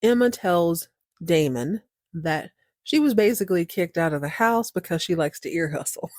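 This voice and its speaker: A woman's voice: on the low side, lively intonation, moderate pace, a little mellow, dry recording, clean studio sound. A woman hosting a podcast, recapping a show in a chatty, slangy way and laughing often. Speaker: podcast host.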